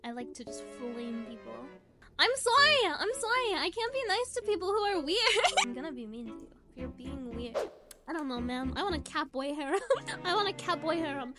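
A young woman streamer chatting casually, brash and playful, swearing and ranting at her chat with sudden shouts. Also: high voice, animated, brisk, loud music behind the voice.

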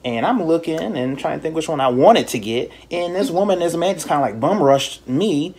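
A man hosting a podcast in casual chat, telling stories in an animated, profane way and mimicking people in high voices. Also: a little fast, husky. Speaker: podcast host.

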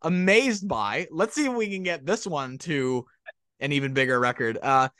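A man hosting a podcast interview, eager and quick with short affirmations. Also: fairly high pitch, lively intonation, bright, forceful tone, no echo, studio quality. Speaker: podcast host. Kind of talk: casual interview.

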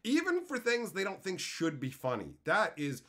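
A man streaming live, chatting casually with his viewers in a loose, profane way that breaks into loud exclaiming. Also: sits high, wildly swooping pitch, moderate pace. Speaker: streamer answering chat.

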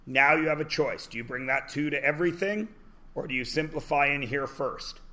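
A man teaching a high school math class, joking as he lectures. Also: bright, forceful tone. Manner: joking, drawn-out teacherly questions.

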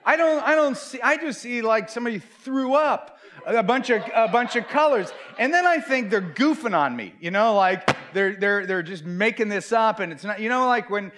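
A man's voice: high voice, moderate pace, few pauses. A middle-aged man, a pastor, giving a humorous talk to youth leaders at a conference, telling stories and acting out the voices in them. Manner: animated storyteller, acts out quoted voices, self-mocking. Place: large conference hall.

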